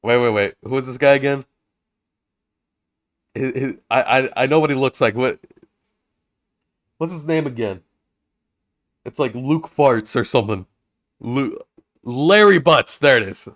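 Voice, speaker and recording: Brief: easygoing male streamer, offhand and joking, medium pitch. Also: animated, measured pace, pauses often, a bit bright. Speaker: streamer playing a game. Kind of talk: casual let's-play commentary.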